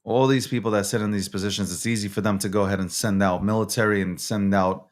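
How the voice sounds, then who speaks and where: A man's voice: fairly low pitch, fairly even intonation, fast. A man hosting a nightly recap show, ranting in an unscripted, profane and agitated way, repeating himself. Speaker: show host. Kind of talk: unscripted news recap and rant.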